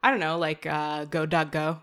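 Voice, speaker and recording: A woman comedian chats on a podcast as a guest, in a low voice. Her jokes come out dry and offhand. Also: little pitch movement, moderate pace, fairly bright tone. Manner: dry, joking delivery. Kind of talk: casual chat.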